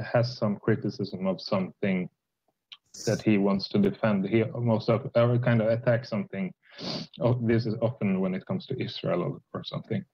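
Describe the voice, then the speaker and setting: A man with a Swedish accent debating on a voice call, speaking haltingly with many restarts and fillers. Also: on the low side, lo-fi sound. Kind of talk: casual political debate.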